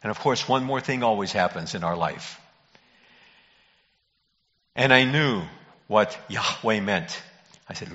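A man, a pastor, preaching a sermon in an earnest, emphatic way with dramatic pauses. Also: on the low side, expressive, bright, forceful tone. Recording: muffled audio in a reverberant hall.

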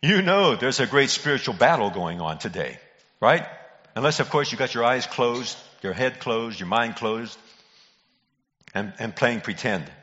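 An older male preacher with a bright, pressing voice leans into a folksy sermon, trading quips with his congregation. His words ring out through a church hall with a long echo, captured on a dull, muffled recording. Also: medium pitch, expressive, unhurried. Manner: folksy joke-telling preacher who calls out to congregation members. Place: church sanctuary.

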